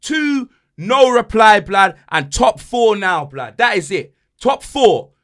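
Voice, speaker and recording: A man's voice: sits high, sing-song, takes it slowly, fairly bright tone. A young man hosting a football podcast, boastful and mocking, full of slang. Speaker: podcast host. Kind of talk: animated football banter.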